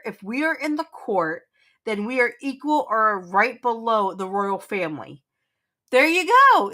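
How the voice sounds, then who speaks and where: A woman hosts a casual livestream in a slightly high voice. She rambles through her points with restarts and teases her viewers in a playful way. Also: a bit bright. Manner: playful, teasing, laughs often. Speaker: livestream host.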